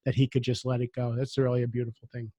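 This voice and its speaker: A man's voice: mid-range voice, flat delivery, fast talker, mellow, no room sound. A middle-aged man with a Brooklyn accent hosting a podcast, chatty and reflective, with some teasing. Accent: Brooklyn, New York. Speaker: podcast host. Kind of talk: conversational interview hosting.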